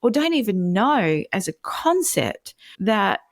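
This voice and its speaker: A woman's voice: medium pitch, sing-song, takes it slowly, no room sound, clean studio sound. A woman guest on a podcast interview, telling stories animatedly and acting out the dialogue. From Australia. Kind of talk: conversational interview.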